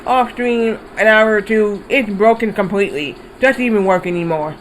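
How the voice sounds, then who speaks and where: High-voiced rambling male streamer. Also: normal speed, a little hiss or hum, rough recording. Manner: rambling, animated retelling with swearing. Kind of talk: casual storytelling while gaming.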